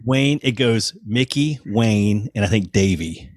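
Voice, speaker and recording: A man in his fifties, a guest musician in a casual interview, telling animated anecdotes and acting out what people said. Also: on the low side, slow, no echo, clean studio sound. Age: 50s. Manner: animated anecdotes, acts out quoted voices. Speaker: guest musician, touring bassist.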